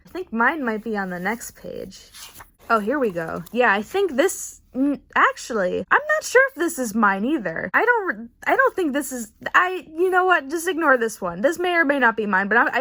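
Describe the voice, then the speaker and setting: A woman's voice: a little high, sing-song, moderate pace, sharp tone, no room sound. A young woman in casual chat, rambling and unsure with many fillers as she shows her sketchbook. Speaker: artist showing her sketchbook.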